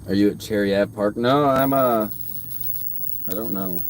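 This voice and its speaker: A man's voice: fairly low pitch, normal speed, slight background noise. A man chatting loosely on a casual outdoor live stream, rambling and swearing freely. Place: outdoors by his truck at a park.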